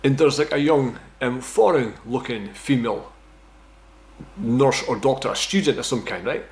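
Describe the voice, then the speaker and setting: Medium pitch, normal speed: a Scottish vlogger in his thirties telling a story about himself in a relaxed way. He rambles and swears, laughs at his own expense, and regularly punctuates lines with "right?".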